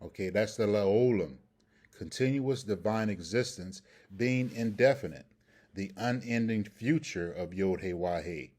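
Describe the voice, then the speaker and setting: A man with a very low, dark, mellow voice leads a scripture language lesson. He explains each point slowly and with care, and he keeps checking in with his listeners with "okay?" and "all right?". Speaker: Hebrew grammar teacher.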